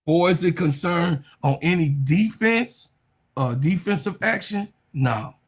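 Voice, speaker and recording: Casting note: male co-host, husky voice, blunt and profane, casual sports banter. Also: high voice, unhurried. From Chicago. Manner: blunt, profane, talks over himself.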